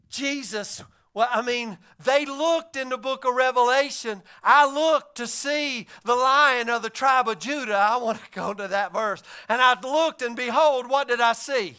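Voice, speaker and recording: A man preaching a sermon as pastor, in a conversational style that rises to shouts and drops low. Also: smooth.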